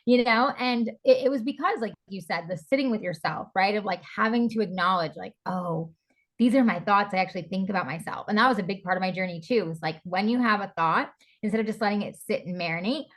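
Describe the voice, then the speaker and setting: A woman's voice: mid-range voice, quick pace. A woman being interviewed on a podcast, talking openly and from the heart, with lots of "like" and "you know" along the way. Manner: open and heartfelt, with frequent fillers like "like" and "you know". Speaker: podcast guest, stylist and breathwork coach. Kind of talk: candid conversational interview.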